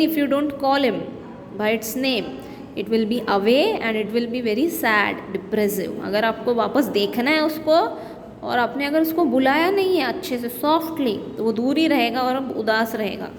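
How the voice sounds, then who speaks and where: A woman teacher with an Indian English accent, reading poem lines aloud and explaining them in simple words to young students. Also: a little high. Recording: long-reverb room with faint background noise.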